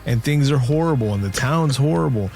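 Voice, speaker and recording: A man's voice: medium pitch, lively intonation, a little fast, creaky, darkish tone, faint music behind. A man casually retelling a movie's plot on a podcast, rambling and cracking jokes along the way. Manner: rambling storyteller, jokey asides. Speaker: podcast co-host. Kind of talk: casual movie recap chat.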